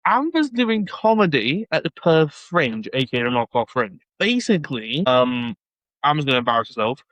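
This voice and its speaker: A man's voice: fairly high pitch, big pitch swings, moderate pace, a bit bright, dry recording. A man co-hosting a casual motorsport podcast, joking and teasing his co-host through loose banter.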